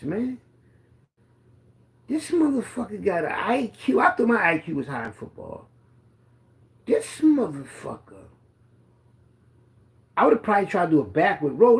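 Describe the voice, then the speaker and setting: A man's voice: high-pitched, vocal fry, a little mellow. A man, a former running back telling boastful, profane football stories in a rambling casual monologue.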